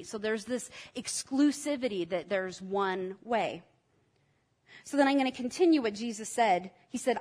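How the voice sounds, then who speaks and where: Speaking at normal speed in a voice on the high side, a woman preaches a sermon. She is enthusiastic and instructive, inviting the congregation to say words back to her.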